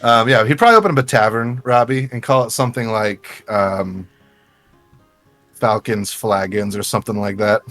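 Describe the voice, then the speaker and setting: A man's voice: on the low side, moderate pace, a bit bright, faint music behind. A man as a guest on a casual panel chat, rambling and chuckling.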